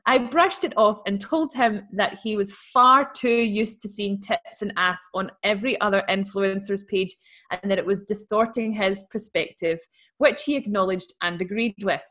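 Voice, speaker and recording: A woman's voice: mid-range voice, normal speed, fairly bright tone. A woman who co-hosts a podcast, reading a listener's letter aloud in a chatty, wry way and laughing easily. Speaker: podcast co-host.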